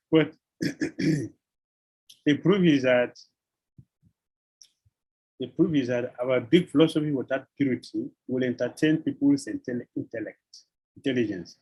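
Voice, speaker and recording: Swami guy, husky voice, lecturing, says things twice. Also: medium pitch, takes it slowly, pauses often, a little mellow, poor audio. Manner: repeats phrases, chuckles, uses devotional terms. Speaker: swami giving a scripture lecture. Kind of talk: sermon.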